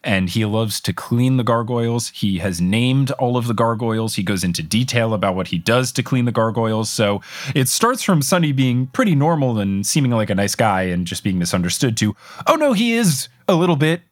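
Lively man recapping an episode. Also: medium pitch, a little fast, no echo, studio quality. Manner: animated storytelling recap, chuckling asides. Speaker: podcast co-host recapping a cartoon episode. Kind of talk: casual chat.

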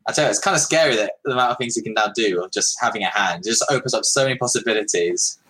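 A man's voice: lowish voice, rapid-fire, sharp tone, slight background noise, poor audio. A man co-hosting a stream, laid-back and laughing often. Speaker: livestream co-host. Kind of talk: casual chat.

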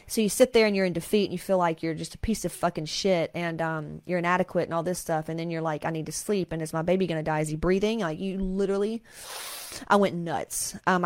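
A woman in her thirties with a drawl speaks candidly and emotionally, swearing as she opens up about her life. Her voice sits a little low. The sound is close and dry, with no room around it. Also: fairly even intonation, quick pace, dry recording. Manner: emotional, confessional, frequent swearing. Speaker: podcast host. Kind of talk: candid personal storytelling.

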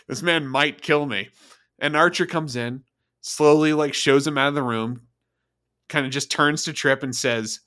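A man's voice: medium pitch, moderate pace, pushed and bright. A male podcast co-host in casual review chat, swearing freely and eagerly acting out scene dialogue. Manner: profane, enthusiastic, acts out scene dialogue.

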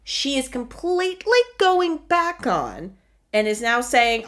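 A woman hosting a podcast, recapping casually and animatedly, swinging from mumbled asides to loud exclamations. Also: high voice, big pitch swings, slow. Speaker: podcast host.

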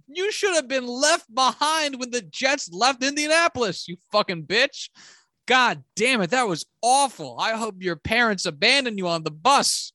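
Profane, animated football-fan rant. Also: mid-range voice, moderate pace, no echo. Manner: furious, profane ranting; exasperated, sarcastic. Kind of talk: sports rant.

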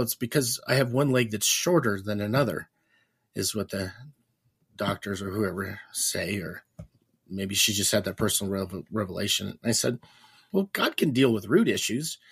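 A man, a Christian minister and podcast guest, telling stories in a casual, animated way and acting out the dialogue he quotes. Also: on the low side, breathy edge. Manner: animated storyteller, acts out quoted dialogue with restarts. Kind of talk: casual storytelling.

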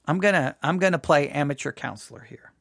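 A man teaching in a sermon style, answering listener questions, earnest and animated, often repeating words and restarting. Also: on the high side, a little fast, creaky, no room sound, studio quality. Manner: earnest, animated, acts out imagined people.

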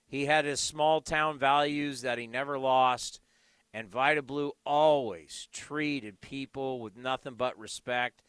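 A man hosting a sports radio show, emphatic and animated, who drops low and soft when he turns sincere. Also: slow pace, clear, resonant tone, dry recording. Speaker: radio host.

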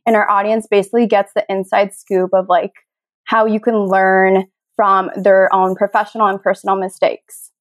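A woman's voice: mid-range voice, little pitch movement, normal speed, no room sound. A woman who manages a podcast, guesting on it in friendly casual chat and laughing easily.

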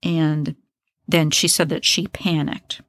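A woman's voice: deep voice, little pitch movement, takes it slowly, fairly bright tone, no echo. A woman hosting a true crime podcast, telling a case in a casual, blunt, opinionated way with profane asides.

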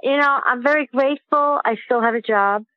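A woman's voice: sits high, dry recording. Earnest woman caller on a tinny phone line. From Queens, New York. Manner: halting, many fillers, earnest. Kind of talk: phone call to a radio show.

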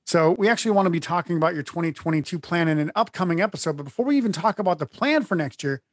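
Fast-talking man opening a podcast. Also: fairly high pitch, lively intonation, no room sound, clean studio sound. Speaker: podcast co-host. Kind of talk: podcast intro and casual chat.

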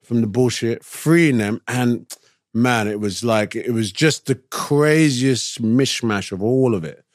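A man talks as a guest in a relaxed interview, spinning a story and slipping into the voices of the people in it. His voice sits at a middle pitch. The sound is dry and close, with no room around it. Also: slow pace, no echo. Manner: animated storyteller who acts out other people's lines. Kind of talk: casual storytelling chat.

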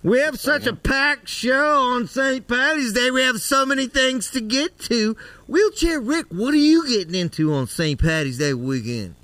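A man's voice: very high-pitched, lively intonation, normal speed, few pauses, pushed and bright, far from the mic. A man hosting a live podcast, joking and teasing his guests in crude, casual banter. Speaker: podcast host.

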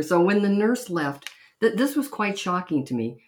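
Middle-aged podcast host, intimate storyteller with mid-range pitch and occasional chuckles. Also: very animated, moderate pace, few pauses. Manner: chatty, intimate, laughs between anecdotes. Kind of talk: personal storytelling.

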